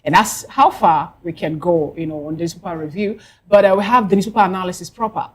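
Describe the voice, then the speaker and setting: A woman's voice: lowish voice, fast, a little hiss or hum. A woman co-hosting a morning newspaper review, reading headlines and adding casual personal comments. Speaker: news show co-host.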